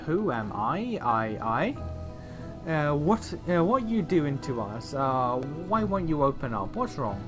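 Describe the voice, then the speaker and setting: A man voicing a chorus of confused, pleading ghostly voices from a game, in halting lines. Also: on the high side, very animated, over music.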